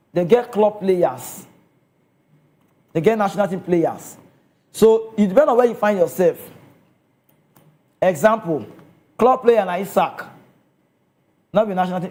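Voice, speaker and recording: A man's voice: sits high, a little mellow. A man with a Nigerian accent giving casual football commentary, chatty and often checking in with his listeners.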